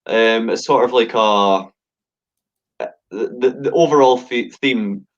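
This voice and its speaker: A man in his twenties, a rapper guest, chatting loosely after a couple of drinks and drawling slowly. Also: mid-range voice. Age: 20s. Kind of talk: casual chat. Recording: dull lo-fi sound.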